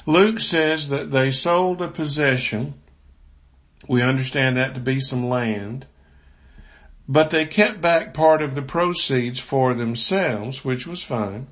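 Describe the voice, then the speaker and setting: A man preaching a Sunday sermon, reading scripture in a slow, measured way. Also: medium pitch, fairly bright tone.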